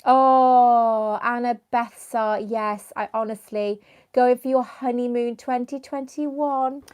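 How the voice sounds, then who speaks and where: A young woman hosts a live stream, talking in a loose, rambling way and greeting viewers by name. Her voice sits a little high, and she sniffs and clears her throat from a runny nose. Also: steady tone, takes it slowly, a little mellow. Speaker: YouTuber hosting a live stream. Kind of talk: casual live-stream chat.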